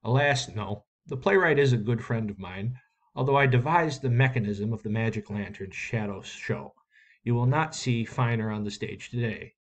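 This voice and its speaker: A man's voice: medium pitch, natural voice. A man voicing a courteous young actor. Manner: formal, courteous and measured. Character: polite young male stage actor.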